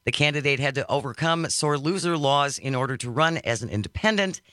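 A man hosting a political talk radio show in a studio, reading listener texts with brisk sarcasm. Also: mid-range voice, lively intonation, sharp tone, dry recording. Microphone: studio microphone.

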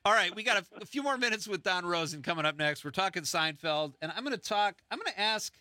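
A man hosting a radio talk show with a bright, forceful voice that rises and falls animatedly. He is chatty and laughs often. The sound is dry and close on a studio mic. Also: sits high, lively intonation, fast talker, dry recording. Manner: chatty, laughs often, quotes lines playfully. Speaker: radio host. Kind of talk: casual radio chat.

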